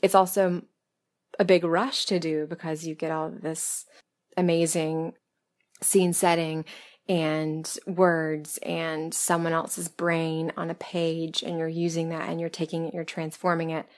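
Woman from the American South, a little hoarse, low-pitched, candid casual chat, soft self-deprecating laughs. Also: little pitch movement, a little slow. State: losing her voice. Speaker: audio script writer and performer answering listener questions. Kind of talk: casual interview-style Q&A monologue.

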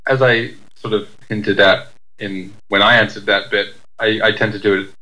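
A man's voice: lowish voice, steady tone, normal speed, pushed and bright, low-quality recording. A man hosting a casual podcast chat, teasing and wry.

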